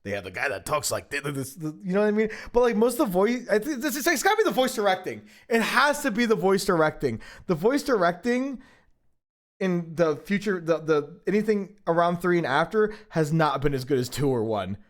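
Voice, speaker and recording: Excitable, swearing male streamer. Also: sits high, a little fast. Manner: rambling, profane, excitable. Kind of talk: casual livestream chat.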